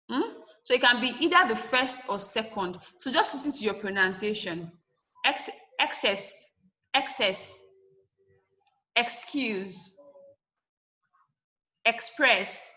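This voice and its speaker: A woman's voice: fairly high pitch, pushed and bright, low-quality recording. A woman teacher giving a classroom lesson, asking and answering her own questions and spelling words out letter by letter.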